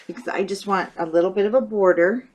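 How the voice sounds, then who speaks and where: A woman's voice: mid-range voice, fairly even intonation, fast talker, a little hiss or hum. Chatty woman demonstrating a craft project. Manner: chatty, thinks aloud while working. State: hiccups. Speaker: craft tutorial host. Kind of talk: casual step-by-step craft demonstration.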